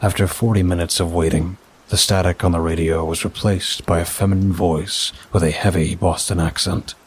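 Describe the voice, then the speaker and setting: Deep husky male narrator. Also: little pitch movement. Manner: measured, first-person storytelling. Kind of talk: scripted story narration.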